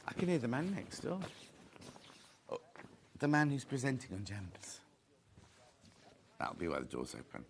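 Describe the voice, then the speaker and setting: A man's voice: mid-range voice, wildly swooping pitch, unhurried, gravelly, pauses often. A man presenting a live sewing shopping show, chatty and reading out viewer comments. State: out of breath. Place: TV studio.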